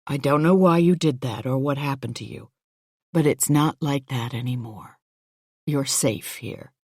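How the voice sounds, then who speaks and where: A woman narrator voicing a kindly, decent middle-aged male employer who is gentle and reassuring, but firm when pushed. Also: a bass voice, a little slow, husky, no room sound, studio quality, full character voice. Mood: soothing.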